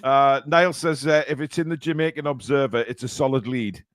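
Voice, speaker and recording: A man's voice: medium pitch, no room sound. Chatty man with a dry close mic. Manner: halting, lots of fillers and restarts. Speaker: podcast host. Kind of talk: casual football chat.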